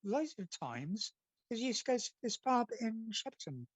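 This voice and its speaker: An interviewed comic artist speaks in an extremely high, sing-song voice at normal speed. In a casual chat he tells long, rambling anecdotes, slipping into the voices of people in his stories. The audio is poor and dry, with no room sound.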